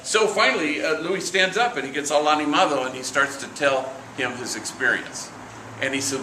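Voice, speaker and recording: A middle-aged priest giving a relaxed storytelling reflection at a morning meeting, sprinkling in Spanish slang and acting out the voices of the people he quotes. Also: on the high side, moderate pace. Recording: echoey room, from far off, noisy.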